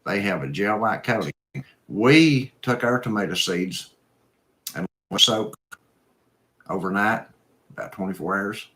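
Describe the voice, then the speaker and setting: A man's voice: fairly low pitch, animated, unhurried, pauses often, pushed and bright. A man hosting a live stream, reading viewer comments and chatting in an easygoing, folksy, rambling way. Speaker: host.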